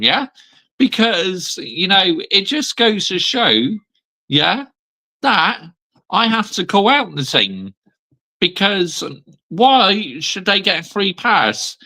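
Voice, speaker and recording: A man's voice: fairly high pitch, pushed and bright, low-quality recording. A man hosting a football channel, delivering a blunt, emphatic fan rant with repeated asides like "yeah?" and "mate". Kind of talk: ranting fan vlog.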